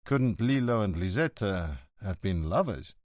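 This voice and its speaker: Inspetor de polícia de meia-idade, calmo e direto, na voz de um homem, som seco e próximo. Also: male voice, sits low, unhurried, no echo, studio quality. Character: middle-aged male police inspector, calm and direct.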